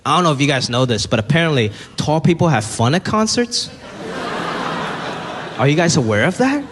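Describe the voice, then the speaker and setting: A man's voice: a little high, very animated, moderate pace. A man in his thirties doing a stand-up comedy set in a conversational way, acting out the people he quotes. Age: 30s. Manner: conversational, acts out quoted voices. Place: comedy stage before a live audience. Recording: live venue with long reverb, audience noise.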